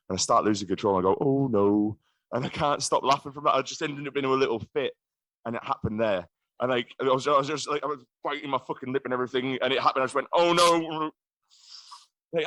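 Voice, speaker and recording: A man's voice: medium pitch, fairly bright tone, no echo, clean studio sound. Sweary man with a Northeast English accent. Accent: Northeast England. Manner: sweary, giggly, self-deprecating. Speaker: singer-songwriter performer. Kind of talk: casual stage banter. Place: live music venue, indoors.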